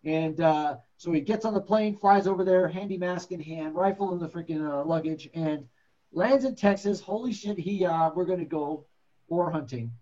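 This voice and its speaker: A man's voice: on the high side, moderate pace, warm tone, highs cut off. A man teaching paramedics in a classroom lecture, blunt and joking, acting out patient stories. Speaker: paramedic instructor.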